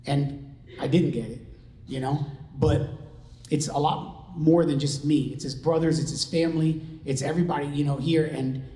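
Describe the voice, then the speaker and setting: A middle-aged father shares his testimony in an earnest, conversational way, stumbling through fillers and restarts. His voice sits a little high and sounds mellow and soft-edged. The room around him rings with echo. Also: steady tone, normal speed. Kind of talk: personal testimony talk. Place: large room with an audience. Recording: echoey room.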